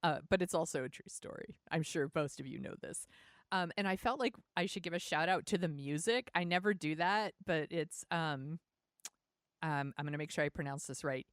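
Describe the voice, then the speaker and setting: A woman's voice: low-pitched, normal speed, dry recording, clean studio sound. A woman hosting a podcast, chatting casually in an upbeat way with fillers. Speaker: podcast host. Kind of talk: casual chat. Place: home, San Francisco.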